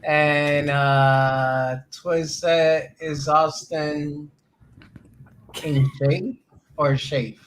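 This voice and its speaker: A man's voice: a little high, steady tone, slight background noise, rough recording. A man co-hosting a casual crypto livestream, reading viewer comments aloud. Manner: slow, reads chat comments aloud. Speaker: stream co-host reading chat.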